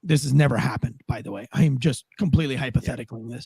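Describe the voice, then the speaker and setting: A man's voice: on the high side, lively intonation, fast talker, few pauses, a little mellow, husky, dry recording. A man hosting a podcast, talking through the news in a casual, profane, rambling way. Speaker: podcast host. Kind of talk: casual political commentary.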